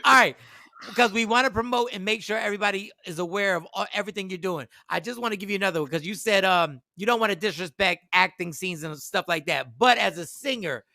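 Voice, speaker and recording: A young adult man from Puerto Rico hosting a morning interview, excitable and quick to loud bursts. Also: high voice, vocal fry, no echo. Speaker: host. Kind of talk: casual morning-show interview.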